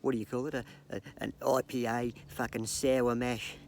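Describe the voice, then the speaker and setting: Australian bloke, gravelly, profane joke-spinner who laughs at himself. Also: male voice, medium pitch, level tone, moderate pace, slight background noise. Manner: profane, joking, laughs at his own gags; hesitant fillers and restarts. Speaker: comedic vlogger. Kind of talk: rambling yarn-telling to camera.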